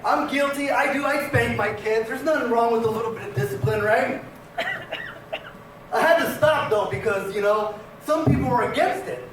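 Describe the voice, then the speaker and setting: A man's voice: extremely high pitch, moderate pace, noisy background. A man performing a stand-up comedy set to a live audience in a prison hall, telling punchy stories and acting out family voices. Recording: echoey hall, mic from far off. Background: audience laughter.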